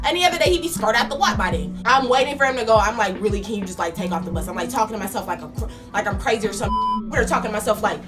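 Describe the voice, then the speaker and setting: A young woman vlogger telling a casual story in a slangy, animated way, acting out her own lines. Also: a little high.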